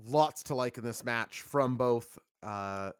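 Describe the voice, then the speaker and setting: A man chatting casually as a stream co-host, pitched at an ordinary middle register and quick to get animated. His voice sounds close and dry, with little room around it. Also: clear, resonant tone, dry recording. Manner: animated, chatty, reads chat aloud. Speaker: co-host of a wrestling review stream. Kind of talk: casual chat.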